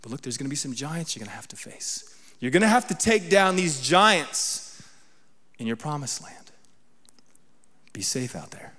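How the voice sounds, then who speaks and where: A man's voice: a little high, sing-song, moderate pace, bright, forceful tone, big-room sound. A man giving a sermon as guest preacher, talking conversationally and often checking in with the congregation. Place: church sanctuary.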